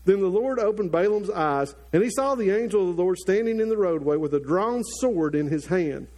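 A middle-aged man with a notably high voice preaches to his congregation. He tells the story in a lively way and acts out the characters' lines as he goes. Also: moderate pace. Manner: animated storytelling with acted-out quotes. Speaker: pastor. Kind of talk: sermon.

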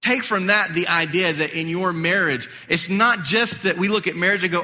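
A male pastor giving an animated, conversational sermon, his voice getting hoarse. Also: high voice, moderate pace, hardly any pauses. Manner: animated, conversational preaching with acted-out quotes. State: losing his voice. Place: church sanctuary. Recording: long hall reverb.

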